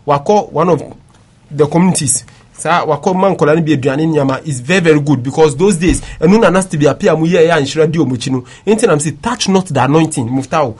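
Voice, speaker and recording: Insistent high-voiced Ghanaian radio host. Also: male voice, husky. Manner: insistent, repeatedly addresses co-host by name. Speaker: radio sports show host. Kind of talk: heated sports talk chat.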